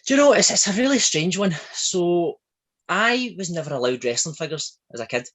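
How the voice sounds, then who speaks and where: A man's voice: high voice, brisk, poor audio. A man with a thick Glaswegian accent, a podcast guest chatting casually and telling stories about his childhood. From Scotland. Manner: chatty, animated storyteller. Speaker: guest, wrestling shop owner.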